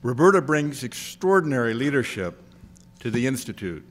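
An older man, the outgoing president of an institute, giving a measured, gracious after-dinner speech with touches of dry humor. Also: mid-range voice, very animated.

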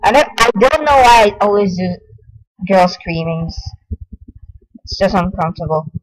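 A young man giving casual, excitable commentary while playing a game. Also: high voice, moderate pace, slight background noise, poor audio. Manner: excitable, yelps and exclaims at game events. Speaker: gamer.

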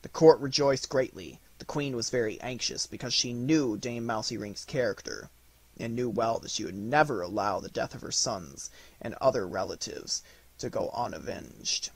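A male audiobook narrator reads a fairy tale with an animated, rising and falling delivery. His voice is husky and a little breathy. The sound is dry and close, with no room around it. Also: medium pitch, normal speed, no echo. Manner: expressive, lively storytelling. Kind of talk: storybook narration.

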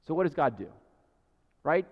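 High-voiced preacher in a reverberant church. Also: male voice, sing-song, moderate pace. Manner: conversational preaching, often asks "right?". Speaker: pastor. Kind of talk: sermon. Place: church sanctuary. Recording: dull sound with long church reverb.

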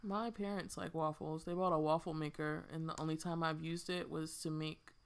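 A woman's voice: low voice, steady tone, moderate pace, slight background noise. A woman co-hosting a casual podcast chat, telling stories bluntly and with swearing. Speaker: podcast co-host.

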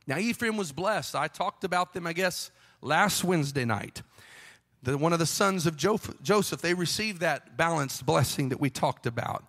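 A man preaching a Pentecostal sermon with a fervent, rhythmic delivery that builds to shouting. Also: fairly high pitch, lively intonation, normal speed, big-room sound. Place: church sanctuary.

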